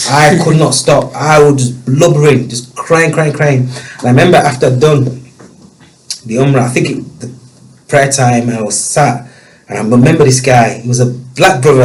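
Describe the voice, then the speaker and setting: A man telling a personal story as a guest, emotional and halting, with many restarts. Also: medium pitch, low-quality recording.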